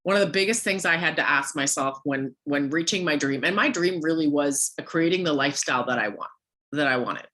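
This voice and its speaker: Her voice is hoarse and tired, sitting low and coming out brisk, pushed, and bright. She's coaching a sales team with a motivational talk, peppering them with rhetorical questions.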